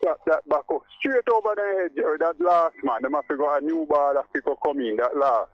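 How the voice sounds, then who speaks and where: A man's voice: on the high side, brisk, no echo, soft background music. A man with a Jamaican accent calling in to a radio show, talking emphatically and repeating his points over a muffled phone line. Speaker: caller. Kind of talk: call-in radio chat.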